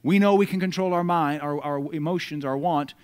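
A man with an American accent preaching a sermon, reading scripture aloud with loud emphatic bursts and dropping into conversational asides between the verses. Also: a little high, a little fast, smooth.

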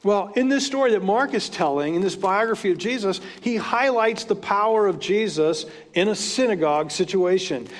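Pastor, male, high voice, chatty sermon delivery with asides, long church-hall reverb. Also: animated, moderate pace, hardly any pauses. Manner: conversational, retells scripture stories with asides.

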